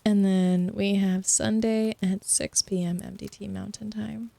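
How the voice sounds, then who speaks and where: A young woman streaming whispered role-play, talking softly and teasingly with a giggly, mock-sinister playfulness toward her chat. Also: mid-range voice, level tone, unhurried, vocal fry.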